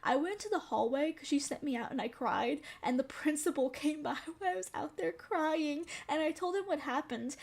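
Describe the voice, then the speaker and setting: A woman's voice: high voice, normal speed, gravelly, hardly any pauses, a little mellow. A young woman streamer telling a personal story in casual chat, frank and chatty, swearing now and then. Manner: calls herself very sensitive.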